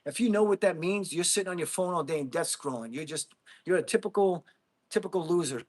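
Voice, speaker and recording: This middle-aged livestreamer has a high voice and talks a little fast. He goes through viewer comments in a casual chat, blunt in tone and calling everyone bro.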